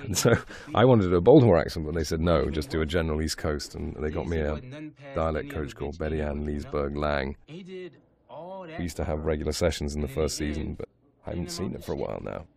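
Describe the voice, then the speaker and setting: A man's voice: very deep voice, very animated, a little fast, creaky, a crowd in the background. A man giving casual, amused film commentary. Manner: chatty, amused. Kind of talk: casual chat.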